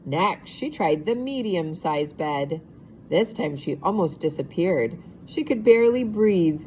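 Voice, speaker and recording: Lively, slow-reading woman teacher. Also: mid-range voice, low-quality recording. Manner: expressive, asks the children questions. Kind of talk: storybook read-aloud for young children. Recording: steady background hiss.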